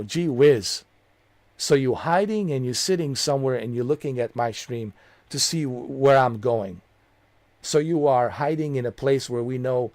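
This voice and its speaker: A man's voice: mid-range voice, a little mellow, dry recording. Man, angry streamer rant, profane, repetitive, dry close mic. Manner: heated, profane, repetitive, confrontational.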